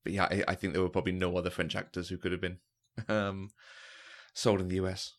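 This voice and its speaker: A man co-hosts a casual film podcast, pitched a little low. He thinks aloud and circles back to rephrase as he goes. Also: monotone, fast. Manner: thoughtful, restarts his sentences. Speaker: podcast co-host.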